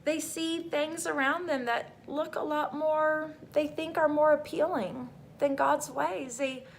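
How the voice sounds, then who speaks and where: A woman's voice: high-pitched, fairly even intonation, slow pace, creaky, a little hiss or hum. A middle-aged woman vlogging a personal faith testimony, talking in a rambling, heartfelt way full of fillers.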